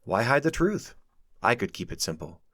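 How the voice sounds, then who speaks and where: A man's voice: medium pitch, sing-song, normal speed, a bit bright, dry recording, studio quality. A man reading his own novel aloud in first person, telling the story expressively. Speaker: author narrating his audiobook. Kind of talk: first-person audiobook narration.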